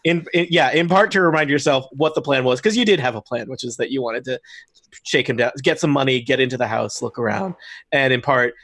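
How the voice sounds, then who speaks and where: A man's voice: medium pitch, brisk, fairly bright tone, no echo. A man acting as game master of a tabletop game, rambling and laughing as he sets the scene. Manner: rambling, laughing, self-correcting. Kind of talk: running a tabletop game, casual banter.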